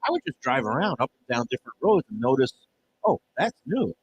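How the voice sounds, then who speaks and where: A man hosting a restaurant TV segment in casual on-air chat. He rambles a little and fills pauses with "uh" as he eats. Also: mid-range voice, very animated, muffled recording, background noise. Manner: rambling, with many fillers. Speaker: TV segment host and former food critic. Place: restaurant dining room.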